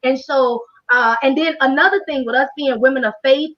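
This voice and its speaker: A high-pitched woman leads a live online workshop as a financial coach, speaking with a fervent, preacher-like drive and calling out to her listeners. Her voice comes through a muffled, lo-fi video call. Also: normal speed. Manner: animated, preacher-like, talks straight to the audience. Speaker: financial coach hosting a training.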